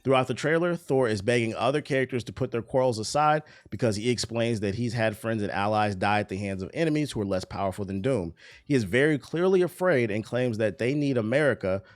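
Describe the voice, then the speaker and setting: A man streaming casually, reading entertainment news aloud and breaking off into profane, laughing asides. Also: a little fast. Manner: profane, laughing asides, excitable pitch jumps.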